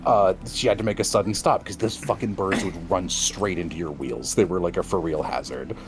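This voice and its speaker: Speaking a little fast in a low voice over music, this man co-hosts a stream. A streamer and podcast co-host, he chats casually, tells animated stories and laughs a lot.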